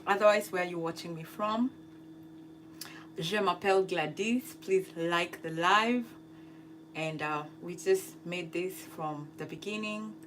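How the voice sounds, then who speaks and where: Her voice is fairly low and a bit bright, with slight background noise, as she hosts a cooking livestream. She chats casually with viewers, laughing often, trying French phrases, and speaking slowly with plenty of fillers.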